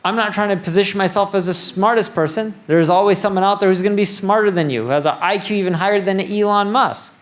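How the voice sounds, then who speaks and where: High-voiced man giving a casual keynote. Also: fast talker, hardly any pauses. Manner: casual, self-deprecating, joking; nerdy, plain-spoken. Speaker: keynote speaker. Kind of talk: conference keynote talk. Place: conference stage before an audience.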